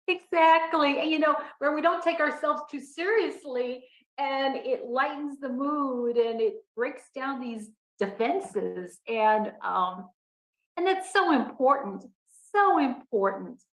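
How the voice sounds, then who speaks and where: Slow-spoken woman podcast host. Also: high voice. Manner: warm encouraging affirmations. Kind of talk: interview. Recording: roomy echo.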